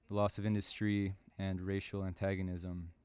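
A man from the Chicago area giving a measured, prepared talk on the radio, with occasional fillers and self-corrections. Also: sits low, level tone, darkish tone, clear, resonant tone, dry recording. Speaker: radio presenter and publisher.

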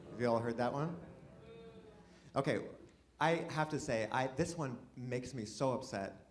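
A man performing a chatty, self-deprecating stand-up set in front of a live audience, often restarting his sentences and breaking into animated exclamations. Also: medium pitch, a little slow. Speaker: stand-up comedian. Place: live comedy venue with an audience. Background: audience laughter.

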